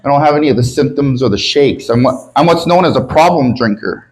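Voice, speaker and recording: A Canadian comic works a comedy club stage with a live audience, brisk and lively in intonation at medium pitch, on a rough recording. He swears a lot, mocks himself crudely, and riffs on his city and staying sober.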